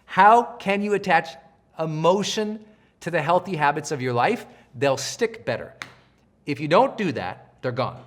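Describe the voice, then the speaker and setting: A middle-aged man giving a live coaching session, energetic and animated, often acting out the voices of people he quotes. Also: on the high side, unhurried. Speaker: self-help trainer.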